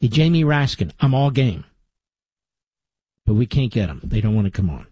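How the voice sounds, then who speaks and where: A man's voice: fairly low pitch, big pitch swings, fast talker, mellow, breathy edge, no room sound. A middle-aged man hosting a talk radio show, delivering a combative, conversational monologue with sarcastic asides into a studio microphone.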